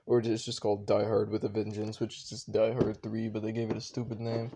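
A man's voice: on the low side, completely flat delivery, fairly quick, warm tone. A young man casually talking through his shelves at home in a rambling, unsure way, full of offhand asides. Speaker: vlogger.

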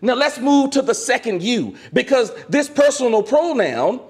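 A man, a minister, preaching a sermon to his congregation and calling out for amens, swinging from loud exclamations down to quiet asides. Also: extremely high pitch, big pitch swings, normal speed. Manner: calls for amen from the congregation.

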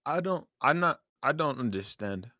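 A young man co-streaming a video game, chatting casually with a deadpan, joking manner. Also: medium pitch, moderate pace, no room sound. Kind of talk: casual chat.

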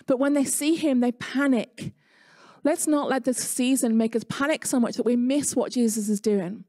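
A woman's voice: fairly high pitch, normal speed, a little mellow, no room sound, studio quality. A woman with an English accent preaching an online sermon in a chatty, conversational way, mixing personal stories with scripture. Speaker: pastor.

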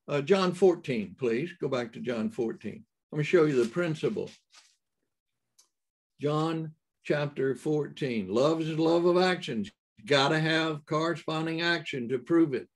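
A man preaching a sermon in a halting way, with many fillers and restarts and emphatic rises. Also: fairly high pitch.

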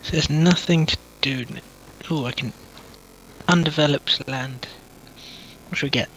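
A man's voice: fairly high pitch, a little slow, a bit bright, slight background noise, low-quality recording. Dry-joking man playing a game. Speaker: co-op player. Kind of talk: casual gameplay chat.

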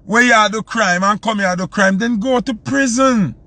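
Ranting on his live stream, a man from Jamaica hammers his points home through repetition, his Jamaican accent coming through. He speaks at a moderate pace in a high-pitched, strained, bright voice.

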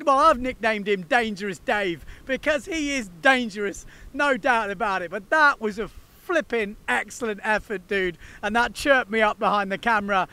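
A man's voice: extremely high pitch, vocal fry, bright, forceful tone. A man hosting a windsurfing video, chatting casually and enthusiastically to the camera in slangy talk.

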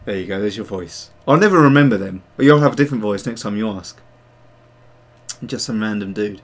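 This man hosts a digital sculpting livestream, speaking in a lowish voice with lively intonation at a fairly quick clip. He chats casually and rambles, reading viewers' messages aloud and poking fun at himself.

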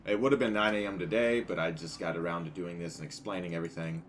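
Young guy, lowish voice, crude jokey gaming commentary, yells when stuff blows up, bit of hiss. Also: fast talker. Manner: crude, joking, bursts into loud excited shouting. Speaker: gaming YouTuber. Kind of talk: casual let's-play commentary.

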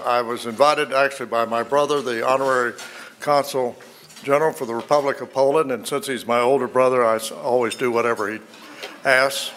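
A man, a former ambassador, giving formal introductions at a luncheon in a measured way with frequent fillers. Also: mid-range voice, a bit bright, a little hiss or hum.

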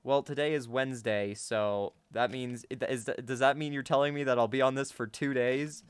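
Excitable young man narrating his gameplay. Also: medium pitch, moderate pace, smooth, no room sound. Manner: excitable, talks to viewers, gasps and laughs often. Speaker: gaming YouTuber. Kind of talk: casual gameplay commentary.

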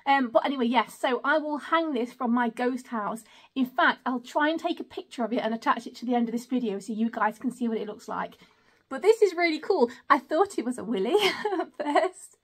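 A woman's voice: sits high, expressive, brisk. A woman chatting casually through an unboxing at home, apologetic and giggly, speaking into a camera mic. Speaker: vlogger.

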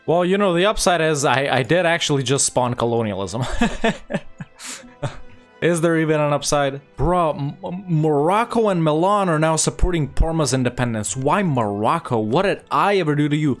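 A man's voice: on the high side, animated, moderate pace. Exasperated young man narrating gameplay. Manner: exasperated, self-mocking, frequent laughs and mock-dramatic asides. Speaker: gaming YouTuber. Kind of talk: casual gameplay commentary. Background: faint game music.

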